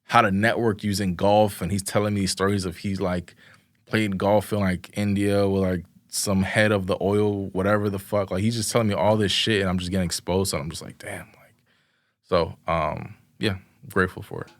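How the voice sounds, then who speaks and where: A young man with a somewhat low voice spins a loose, slangy story full of "like" and acted-out quotes. His sound is close and dry, with almost no room around it. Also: flat delivery, normal speed, no echo. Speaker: podcast guest, videographer. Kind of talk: casual interview chat.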